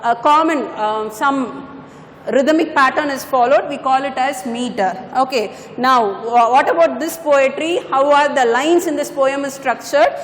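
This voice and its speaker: A high-voiced woman explains a poem like a classroom teacher, going back over points and correcting small slips. The room is echoey, with a long reverb tail and a faint hiss underneath. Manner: patient, repeats points, corrects herself. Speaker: English teacher. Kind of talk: classroom lecture on poetry.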